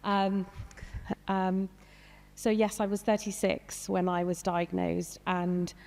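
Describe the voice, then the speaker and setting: A woman's voice: mid-range voice, monotone, slow pace, creaky, a little mellow. A woman in her thirties, a doctor, speaking hesitantly with many fillers and some emotion on a panel discussion. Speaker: doctor and patient guest. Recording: long hall reverb.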